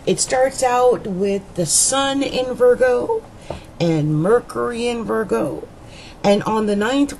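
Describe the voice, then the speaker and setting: A woman's voice: mid-range voice, a little mellow, a little hiss or hum, low-quality recording. A woman astrologer giving a monthly horoscope reading in a chatty, meandering way, with frequent fillers and restarts.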